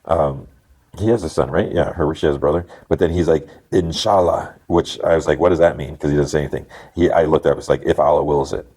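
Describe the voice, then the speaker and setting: Casting note: deep-voiced male podcast host, loose rambling recap, lots of "like" and restarts. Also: fairly even intonation, fairly quick, dark tone. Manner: rambling retelling with many fillers and restarts. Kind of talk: casual episode recap.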